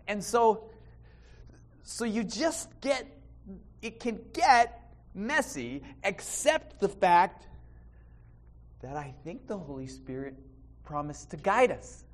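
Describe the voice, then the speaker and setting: Male pastor, slightly high, very lively delivery, church sermon with restarts. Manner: animated, with repeated restarts and sudden loud emphasis.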